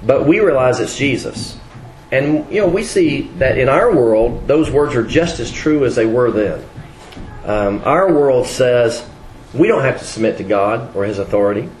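Man, preacher, conversational sermon, halting restarts, roomy echo, faint background hum. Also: mid-range voice, animated, darkish tone. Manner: conversational, with frequent fillers and restarts.

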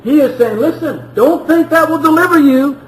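A man's voice: extremely high pitch, moderate pace, echoey room, poor audio. A man preaching a sermon in an earnest way, often repeating words and rising as he pleads.

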